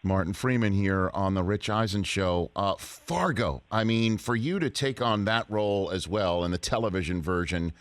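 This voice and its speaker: A low-pitched man hosts an interview in a dry, close-miked studio. He fires off quick follow-up questions, often rewording them as he goes. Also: dry recording. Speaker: talk show host. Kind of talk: sports talk show interview.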